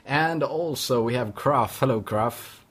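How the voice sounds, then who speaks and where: A man hosting a casual interview, excitable, swearing and stumbling over his questions. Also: medium pitch, slow, breathy edge. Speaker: podcast host.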